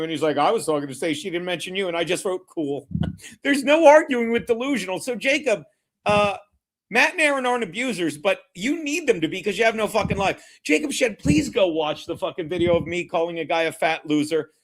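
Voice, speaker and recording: A man with a high, light voice hosts a live football watchalong. He rambles between chat and play-by-play, brash and mocking, and swears freely. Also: animated, brisk. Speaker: live stream host. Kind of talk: profane live sports watchalong commentary.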